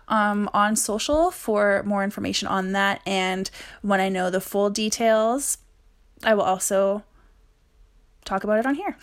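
A woman hosting a podcast over a video call, chatting casually and laughing often. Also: medium pitch. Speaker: podcast host.

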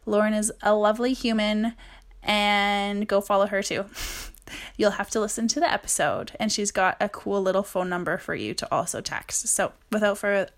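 A woman's voice: mid-range voice, moderate pace. A woman hosting a podcast over a video call, chatting casually and laughing often. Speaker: podcast host.

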